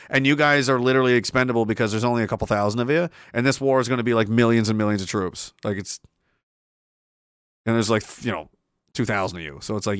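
A man's voice: medium pitch, a bit bright, smooth, no room sound, studio quality. A man streaming casually, reading chat aloud and rambling sarcastically with lots of fillers. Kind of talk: casual live-stream commentary.

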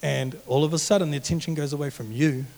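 A young man preaches to a youth group in an earnest, animated and conversational way. His voice sits high. It echoes with a long hall reverb. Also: fast talker, vocal fry. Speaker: youth pastor. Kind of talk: sermon.

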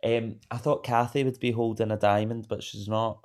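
A man co-hosting a podcast, chatting in a gossipy way with lively swings of emphasis. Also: on the low side, moderate pace. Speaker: podcast co-host. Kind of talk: casual chat.

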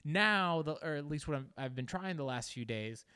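A man's voice: a little high, lively intonation, moderate pace, pushed and bright, smooth, no room sound, clean studio sound. A man giving a casual, reflective monologue, musing and searching for words as he talks.

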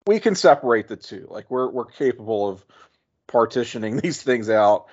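A man's voice: mid-range voice, lively intonation, normal speed, darkish tone, husky, muffled recording. A man co-hosting a podcast, giving wry, exasperated opinions in casual chat. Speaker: podcast co-host. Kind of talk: casual chat reviewing wrestling.

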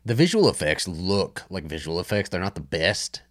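Low-voiced man rambling about movies. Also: very animated, normal speed, no room sound, studio quality. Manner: rambling, filler-heavy, many restarts. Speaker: podcast co-host. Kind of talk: casual film review chat.

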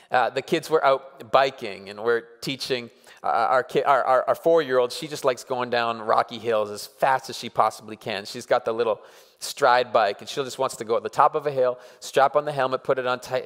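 A man's voice: on the high side, long reverb tail. A man in his thirties preaching a sermon, earnest and emphatic, often urging listeners on and repeating words as he builds. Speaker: pastor.

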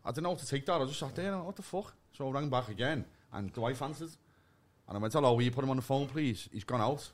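A man's voice: medium pitch, expressive, racing. A man, a podcast guest telling a story in blunt, sweary casual chat and acting out both sides of phone arguments.

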